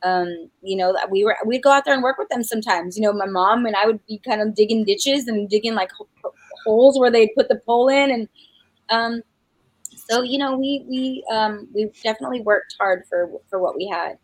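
A middle-aged woman from New Mexico, a guest singer, chats casually in an interview, warm and laughing often, with lots of fillers and restarts. Her voice sits on the high side at a moderate pace. The audio is poor, though there's no echo.

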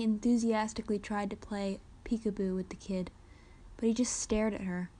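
A woman reading her own story aloud in a steady, even narrating voice. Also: mid-range voice, moderate pace. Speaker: reader of her own fan fiction.

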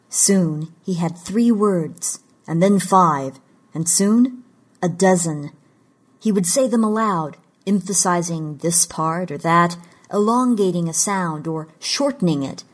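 A woman narrating a fantasy short story in a measured, deliberate storytelling delivery. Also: fairly low pitch. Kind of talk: scripted audiobook narration of fiction.

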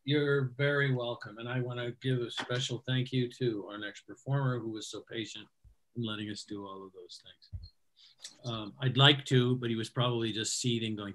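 A man's voice: medium pitch, normal speed, sharp tone, slight background noise, low-quality recording. Male host introducing a comic. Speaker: comedy show host.

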